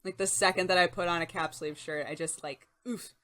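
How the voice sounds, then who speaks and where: A woman's voice: fairly low pitch, steady tone, brisk, pushed and bright. A young woman hosting a casual live-stream chat show, reading and answering chat in a chatty, giggly way. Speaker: streamer host.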